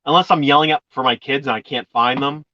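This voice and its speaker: A man's voice: mid-range voice, quick pace, pushed and bright, dry recording, lo-fi sound. A man chatting as a guest on an online video call, joking around and rambling with restarts. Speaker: guest YouTuber. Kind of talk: casual online chat.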